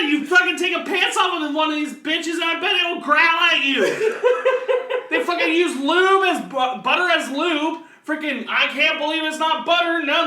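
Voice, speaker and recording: A man from the Midwest co-hosting a podcast, ranting crudely and loudly, swearing constantly and laughing as he goes. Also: very high voice, recorded from a distance. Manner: loud, profane, laughing while ranting. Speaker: podcast co-host. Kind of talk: crude comedic rant. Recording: roomy sound, a bit off-mic.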